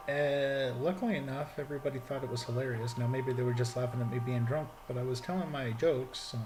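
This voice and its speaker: A man's voice: mid-range voice, fairly even intonation, fast, few pauses, darkish tone, slight background noise. A man chatting casually and telling funny stories in a jokey, playful way. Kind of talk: casual comedic chat.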